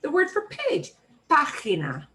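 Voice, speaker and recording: An American woman teaching a beginners' Spanish class, slowly modeling each word for her students to repeat. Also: medium pitch, big pitch swings. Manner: slow, clear modeling of words for repetition. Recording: room mic from a distance, faint noise.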